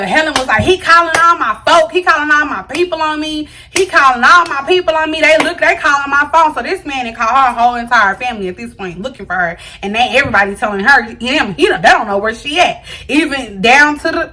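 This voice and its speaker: A young woman vlogger tells a storytime tale straight to her viewers. Her voice sits high and sounds bright. She talks in an animated, slangy way and addresses the audience directly. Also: slight background noise. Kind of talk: storytime vlog.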